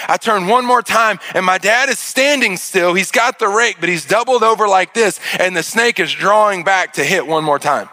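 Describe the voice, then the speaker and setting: Lively, high-voiced man telling a story. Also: normal speed, hardly any pauses, big-room sound. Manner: expressive, acts out shouts and panic, jokes with the crowd. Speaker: speaker addressing an audience. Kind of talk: animated storytelling talk.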